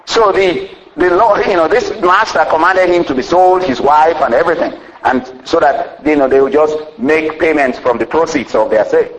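A man's voice: normal speed, hardly any pauses, poor audio. A man preaching a sermon in a folksy way, often saying "you know" and laughing as he explains, acting out the scripture's dialogue. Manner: acts out the scripture's dialogue with jumps in pitch.

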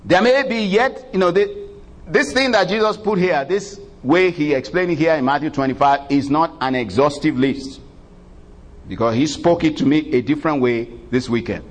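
A preacher in a sermon with a fairly high voice for a man. He retells scripture in a folksy, chatty way. He chuckles often and drops "you know" asides between lines. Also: moderate pace, low-quality recording.

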